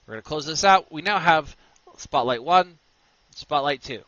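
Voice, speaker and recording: A man hosting a screen-recorded software tutorial, walking through steps with energetic, punchy instructions. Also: on the high side, normal speed, no room sound, muffled recording. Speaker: tutorial host.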